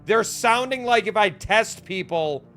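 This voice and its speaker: A male game streamer chatting casually as he plays, reacting and reasoning out loud. His voice sits a little high and sounds bright, with faint game music underneath. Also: animated, unhurried. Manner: chatty, reacts and thinks aloud. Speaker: VTuber streamer. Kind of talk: casual gameplay commentary.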